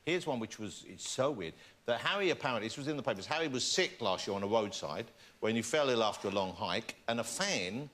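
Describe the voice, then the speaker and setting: A man's voice: medium pitch, lively intonation, fairly quick. A man hosting a chat show, teasing his guests with joking questions in front of a studio audience. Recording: loud studio audience and noise.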